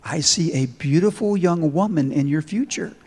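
A man doing a deadpan fortune teller woman. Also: fairly high pitch, moderate pace, breathy edge, in a large hall. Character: matter-of-fact female fortune teller.

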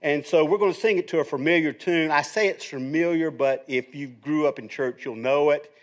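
A middle-aged male pastor preaching in an easy, conversational way, slipping in little jokes as if teaching a class. His voice sits a touch higher than most men's. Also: fairly quick. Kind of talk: sermon.

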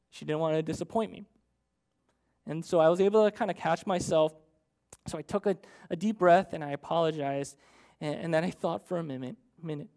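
A man's voice: high voice, a little mellow. Earnest man telling a sermon story. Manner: earnest, conversational, frequent "right?". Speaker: pastor.

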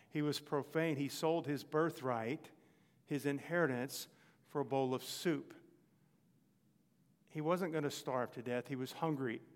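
A man's voice: medium pitch, long reverb tail. A man preaching a sermon in a conversational way, often stopping to check in with his listeners. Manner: conversational, frequent "okay?" check-ins.

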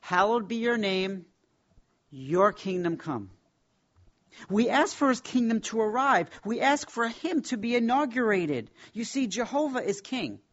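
A man teaching a Bible class, speaking in an emphatic, reverent way and slowing down to stress key words. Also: sits high, lively intonation, lo-fi sound.

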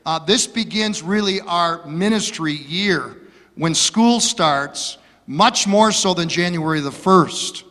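A pastor in his fifties preaches an earnest, folksy sermon. He speaks in a high, bright voice at an unhurried pace. A long reverb from the church hall trails his words. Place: church sanctuary.

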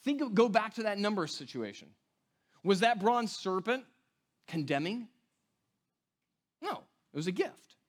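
Animated, high-pitched pastor. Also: male voice, unhurried, long pauses. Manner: casual, conversational preaching with frequent "right?" and "like"; animated storytelling, acting out quoted voices. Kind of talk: sermon.

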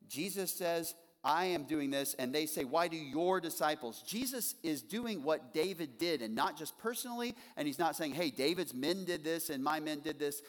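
A man preaching an expository sermon in an earnest way, slowing down and repeating his key phrases. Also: fairly high pitch, in a large hall. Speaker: pastor.

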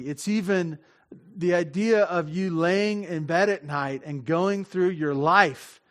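A man giving a conversational sermon as pastor, self-interrupting, often laughing, acting out small dialogues, and asking the audience questions. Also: on the high side. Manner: asks the audience direct questions.

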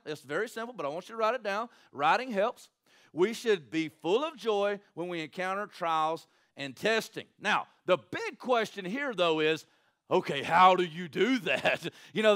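A man preaching a sermon to his congregation in a conversational way, often tossing in "right?" to the crowd. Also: high voice. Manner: animated, conversational preaching with frequent "right?" asides. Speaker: pastor.

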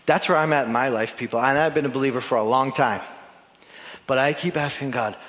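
Preaching man in a reverberant church. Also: mid-range voice. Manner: animated preaching, swings between loud emphasis and soft drawn-out phrases; playful asides to the congregation. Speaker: pastor. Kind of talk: sermon. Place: church sanctuary. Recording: long hall reverb from a church.

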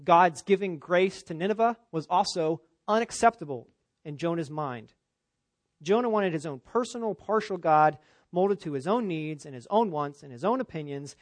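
Emphatic preacher with a higher voice. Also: male voice, lively intonation, moderate pace, no echo. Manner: emphatic, rising for stress, dropping low for asides. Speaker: pastor. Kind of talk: expository sermon.

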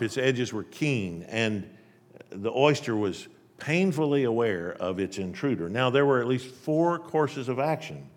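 A male preacher giving an emphatic sermon, telling a parable and shifting between loud and soft delivery. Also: medium pitch, in a large hall.

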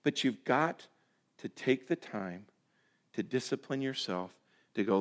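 A male pastor giving a sermon, folksy and direct, swinging between loud emphatic bursts and quiet, slow, drawn-out phrases. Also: mid-range voice, animated. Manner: folksy, addresses listeners as folks.

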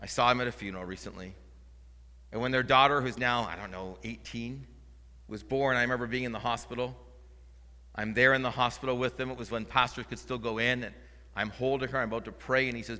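A male interim pastor preaching a sermon, moving between quiet, earnest storytelling and loud, fervent proclamation. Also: mid-range voice, fairly even intonation, a little fast. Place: church sanctuary. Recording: church hall reverb.

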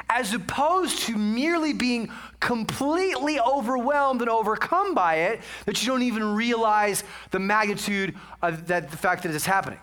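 A male pastor telling a story from the pulpit with a high, bright voice. He talks in a chatty, self-mocking way and adds many small asides to the congregation. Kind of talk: casual storytelling sermon.

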